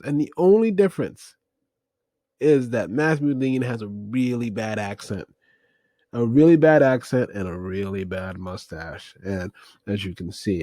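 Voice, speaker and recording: A man's voice: on the low side, a little mellow, no echo. Rambling man recapping a film. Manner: rambling, many fillers, wry asides. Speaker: movie review host.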